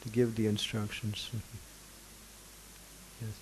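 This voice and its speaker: A man's voice: lowish voice, completely flat delivery, slow pace, a little mellow, slight background noise, low-quality recording. A man acting as a spiritual teacher who answers questions from a gathering, good-humored and laughing often.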